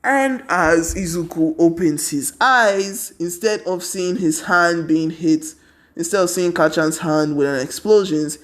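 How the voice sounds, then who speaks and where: A man's voice: on the high side, a little slow, a bit bright. A tired young man casually narrating a fan story, rambling with constant 'and then' and 'he's like'.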